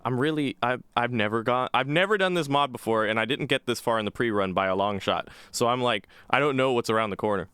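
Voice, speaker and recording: A man's voice: medium pitch, fast talker, hardly any pauses, a bit bright, clear, resonant tone, dry recording. A man giving rambling, casual, profane let's play commentary as a gaming channel host.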